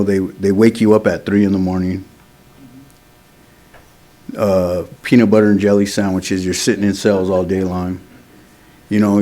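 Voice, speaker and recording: A man's voice: low-pitched, warm tone. A man speaking at a recovery meeting, telling his own story in a candid, street-casual way. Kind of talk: personal recovery testimony.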